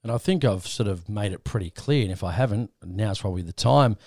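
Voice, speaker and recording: A lowish male voice, speaking a little fast, belongs to an Australian podcast host spinning a rambling yarn in relaxed conversation. He performs others' words in quoted voices, captured in dry, studio-quality sound.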